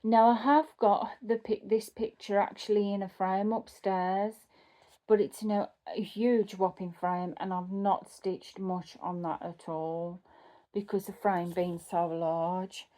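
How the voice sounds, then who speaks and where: A woman's voice: mid-range voice, little pitch movement, measured pace, mellow. A woman who runs a cross-stitch channel, chatting casually at home as she sorts through her craft kits, thinking aloud and correcting herself as she goes.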